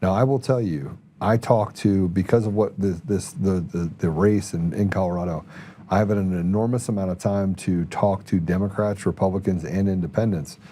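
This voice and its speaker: Rambling male podcast host, mellow voice. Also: deep voice, moderate pace, a little hiss or hum. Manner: rambling storytelling with restarts. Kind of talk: casual political talk.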